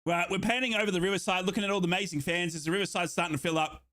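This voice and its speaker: An Australian man hosts a live football watchalong with a chatty, excitable delivery that sometimes breaks into shouted hype. His voice sits fairly high and sounds bright and punchy. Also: very fast. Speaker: watchalong streamer host. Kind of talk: live football watchalong commentary, reading chat aloud.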